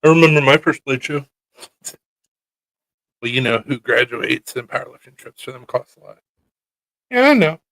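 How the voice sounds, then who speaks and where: Man, casual co-host, relaxed storyteller, dry close sound, mid-pitched voice. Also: normal speed, long pauses, no echo. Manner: laid-back storytelling, swears casually. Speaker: podcast co-host, knife maker. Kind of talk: casual chat.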